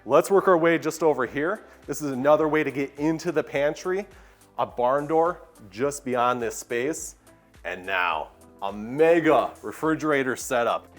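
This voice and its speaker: Guy showing off a big kitchen, upbeat and chatty, soft music under him. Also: mid-range voice, unhurried. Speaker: home tour guide. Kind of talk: walkthrough tour presentation. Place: large kitchen indoors. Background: soft background music.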